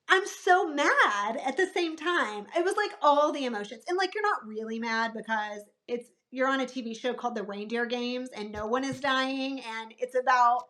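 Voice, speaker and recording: A woman in her thirties, a podcast guest, telling an animated story and acting out her own past thoughts. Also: high-pitched. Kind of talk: casual podcast conversation.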